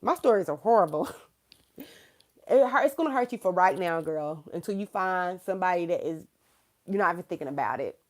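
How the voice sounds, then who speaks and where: A woman's voice: lowish voice, expressive, brisk. A woman in her thirties giving a live tarot reading, talking frankly and laughing often as she calls the viewer girl. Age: 30s. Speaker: tarot reader.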